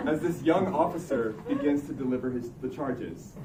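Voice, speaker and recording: A young man with a fairly high voice tells a comic story to a live audience, wry and building suspense. He sounds roomy and set back from the mic. Steady background noise fills the room. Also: a little fast, hardly any pauses, far from the mic. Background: room ambience noise.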